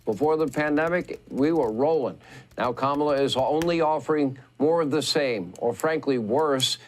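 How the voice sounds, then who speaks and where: A man's voice: fairly high pitch, normal speed. A man hosting political commentary, reading a scripted segment with emphatic, repetitive phrasing. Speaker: commentary host.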